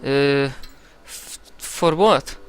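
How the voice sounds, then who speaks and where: A man's voice: medium pitch, drawn-out words, smooth. A man voicing a nervous male market trader who stammers and whines. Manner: stammering, whiny.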